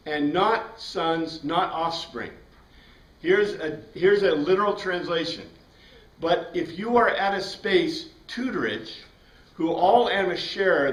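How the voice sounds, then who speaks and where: A man teaching a Bible class, explaining step by step and putting questions to his students. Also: high voice. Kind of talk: classroom lecture. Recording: roomy sound from a distant mic.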